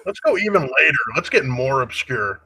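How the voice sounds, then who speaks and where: A man's voice: medium pitch, sing-song, normal speed, pushed and bright, poor audio. A man on a livestream, throwing in profane, laughing asides to his friends. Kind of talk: casual livestream chat.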